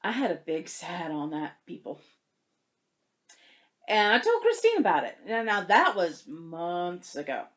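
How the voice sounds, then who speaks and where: Lively woman telling a stitching story. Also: on the low side, measured pace. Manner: animated storytelling, emotional and tearful at times. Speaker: cross-stitch vlogger. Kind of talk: casual chat to camera.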